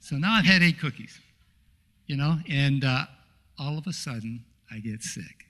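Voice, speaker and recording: A middle-aged man telling a humorous personal story during a church talk, easygoing and anecdotal, with frequent pauses to say uh. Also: mid-range voice, expressive, fairly bright tone. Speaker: guest speaker at a congregation.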